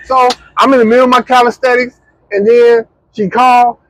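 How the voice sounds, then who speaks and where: A young man, chatting casually as a podcast co-host and telling a story with lively, slangy quoting. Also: extremely high pitch, brisk, poor audio. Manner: animated, slangy storyteller who acts out quotes.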